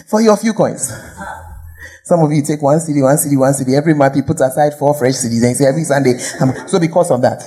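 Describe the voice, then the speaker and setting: A woman's voice: low voice, quick pace, warm tone. A woman pastor with a Ghanaian accent preaching a sermon, firing rhetorical questions and sometimes dropping to a whisper.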